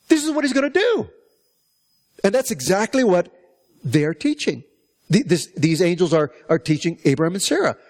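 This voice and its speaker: Man preaching, fairly high voice, conversational Bible teaching, rhetorical questions. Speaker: pastor. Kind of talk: sermon.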